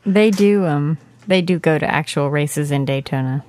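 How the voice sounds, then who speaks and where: A woman's voice: sits low, normal speed, a little mellow. A woman co-hosting a casual podcast, making dry, teasing remarks. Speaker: podcast co-host. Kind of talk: casual chat.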